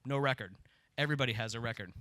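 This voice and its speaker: A man's voice: mid-range voice, rapid-fire, bright, forceful tone, no room sound. A man doing a stand-up comedy set in a club, telling stories in a wry, conversational way. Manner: wry, conversational storytelling with tag lines. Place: comedy club stage with audience laughter.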